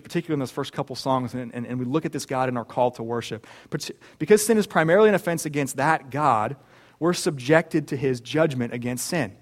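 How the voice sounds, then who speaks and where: Earnest male pastor preaching, higher voice. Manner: earnest, with rhetorical questions and restarts. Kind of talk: sermon.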